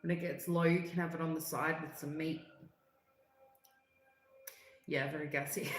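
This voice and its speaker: A woman's voice: sits low, expressive, takes it slowly, pauses often, roomy sound, low-quality recording. A woman hosting a livestream, chatting casually and reading out viewer comments in a rambling, filler-heavy way. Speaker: livestream host.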